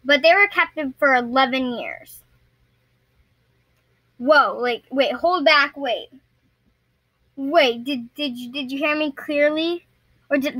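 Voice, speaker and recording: A woman's voice: high voice, fairly bright tone, no echo, poor audio. A young woman vlogger telling a story casually to her viewers, rambling and often stumbling and restarting her sentences.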